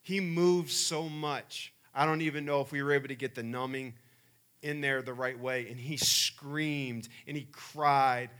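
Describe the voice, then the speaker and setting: A middle-aged man preaching a sermon, telling personal family stories and building to loud emphatic peaks. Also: mid-range voice, measured pace, clear, resonant tone. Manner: animated storyteller, rising to loud emphatic peaks. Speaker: pastor.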